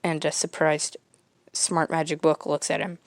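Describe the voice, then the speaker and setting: A woman's voice: low-pitched, flat delivery, a little slow, dry recording. A woman podcast host casually reading a comic aloud, with some fillers.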